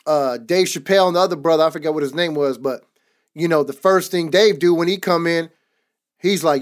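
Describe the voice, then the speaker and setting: A man's voice: on the high side, brisk. Emphatic man giving testimony. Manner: emphatic, repetitive preaching cadence. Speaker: podcast co-host. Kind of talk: casual faith talk, personal testimony.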